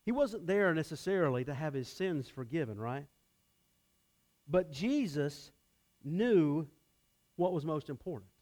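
A man with a high voice preaching a sermon. He talks to his listeners like a conversation and keeps asking them questions. He acts out the lines he quotes with big jumps in pitch and volume. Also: darkish tone. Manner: conversational, asks the audience questions. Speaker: pastor.

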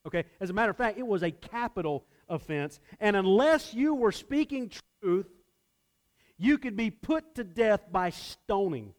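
High-voiced guy preaching, chatty, keeps quizzing the crowd. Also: expressive, moderate pace. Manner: conversational, asks the audience questions; acts out quoted lines with big swings in pitch and loudness. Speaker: pastor. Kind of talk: sermon.

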